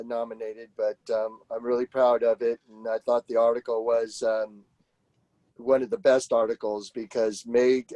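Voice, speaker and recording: A man talks in a humble, halting way, pausing on fillers. His tone is mellow and warm, and the sound is dry and close. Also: medium pitch, no echo. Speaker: award recipient. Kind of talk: casual meeting chat.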